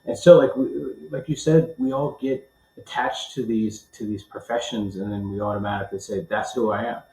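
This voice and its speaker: A man hosting a podcast interview, affirming his guest and asking open, searching questions in an animated, casual way. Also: medium pitch, moderate pace, creaky, reverberant, rough recording. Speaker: podcast host.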